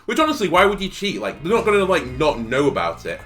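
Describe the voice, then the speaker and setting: A man's voice: on the high side, big pitch swings, quick pace, fairly bright tone, faint music behind. A young man telling a rambling story, full of fillers, while he comments on his game. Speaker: gaming video host. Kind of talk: casual commentary while playing.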